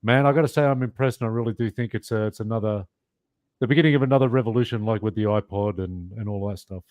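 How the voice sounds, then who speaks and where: A fairly low-voiced man talking casually and easygoing with a friend. He speaks loosely and informally, and the recording is dry and close. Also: fast, darkish tone, no echo. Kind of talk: casual chat.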